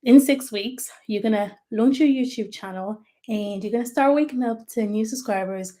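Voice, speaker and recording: A woman's voice: on the high side, normal speed, warm tone. Chatty woman giving video tips. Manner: chatty, explanatory, stresses key words. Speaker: YouTube strategist. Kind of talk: livestreamed tips talk.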